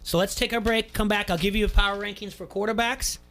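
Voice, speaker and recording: A man's voice: high voice, fairly even intonation, brisk, a bit bright, faint music behind. A man co-hosting a local sports talk radio show, teasing his partner in casual banter. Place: radio studio.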